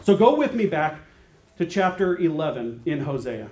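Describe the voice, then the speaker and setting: Male pastor, higher-pitched voice, earnest preaching with slow repeated emphasis. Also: big pitch swings, darkish tone, slight background noise. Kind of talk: sermon.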